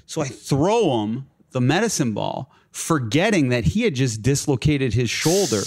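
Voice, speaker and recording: A man's voice: mid-range voice, very animated, normal speed, darkish tone, breathy edge. Rambling young man telling stories. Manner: rambling, filler-heavy, laughs through his stories. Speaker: guest. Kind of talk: casual storytelling.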